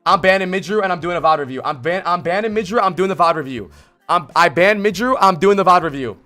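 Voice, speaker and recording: A man streaming a gameplay vod review, blunt and exasperated, swearing and yelling at the player he coaches. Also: high voice, fast, faint music behind. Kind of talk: livestream game vod review.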